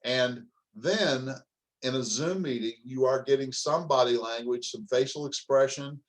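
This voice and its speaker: Middle-aged guy coaching leaders, punchy and emphatic, lots of rhetorical questions, mid-pitched voice. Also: unhurried. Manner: emphatic, fires off rhetorical questions, calls the audience folks. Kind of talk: motivational coaching talk.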